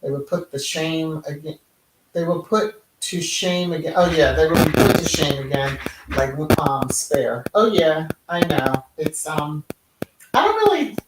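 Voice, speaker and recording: A woman's voice: deep voice, steady tone, unhurried, distant mic, very noisy. A woman hosting a casual livestream, chatty, with sing-song greetings and many ums. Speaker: livestream host. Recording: roomy echo, voice set back from the mic.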